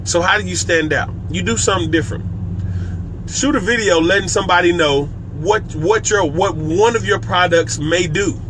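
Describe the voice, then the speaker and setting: A man's voice: sits high, moderate pace, background noise. A man coaching on business during a live stream, emphatic and repetitive, talking casually and straight to his viewers. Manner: casual and conversational, with frequent restarts. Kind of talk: live-streamed motivational talk.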